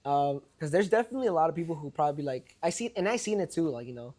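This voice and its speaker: A young man from Brooklyn talks quickly as a podcast guest. His voice sits a little high. He tells stories in a laid-back, slangy way, with plenty of "like" and "you know.". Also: animated, warm tone. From Brooklyn, New York. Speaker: podcast guest, party promoter. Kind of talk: casual interview chat.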